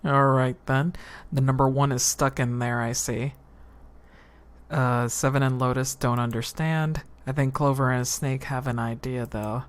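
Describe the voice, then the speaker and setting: Young woman, low voice, slow pace, casual profane game streamer. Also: steady tone. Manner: casual and profane, thinking aloud. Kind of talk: live game playthrough, reading dialogue aloud.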